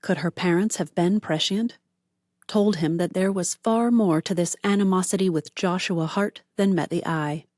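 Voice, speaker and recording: A woman narrating an audiobook in an even, measured storytelling manner on a close mic. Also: on the low side, no echo.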